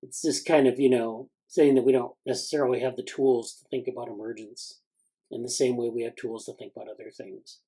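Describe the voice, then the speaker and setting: A man's voice: mid-range voice, little pitch movement, brisk, warm tone, husky, poor audio. A man hosting an informal research meeting on a video call, reading passages aloud and then commenting in a hesitant way, with frequent fillers and restarts. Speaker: meeting host reviewing newsletter items. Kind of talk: casual academic meeting talk, reading excerpts aloud.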